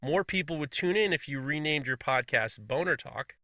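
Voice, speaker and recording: A man's voice: fairly high pitch, expressive, normal speed, pushed and bright, no room sound. A man co-hosting a casual podcast, reading listener messages aloud with frequent laughs and blunt, swearing asides.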